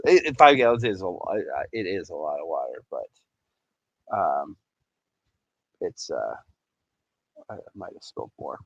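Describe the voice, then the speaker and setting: A man's voice: sits low, expressive, moderate pace, pauses often, slightly rough, no room sound, muffled recording. A man hosting a casual livestream, chatty and rambling, laughing often and reading out chat messages. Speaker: livestream host.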